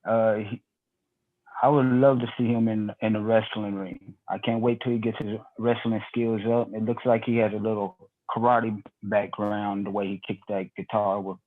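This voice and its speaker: A man's voice: lowish voice, flat delivery, moderate pace. A man co-hosting a casual wrestling chat, giving his opinions hesitantly and stammering. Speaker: podcast co-host. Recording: tinny phone-like line.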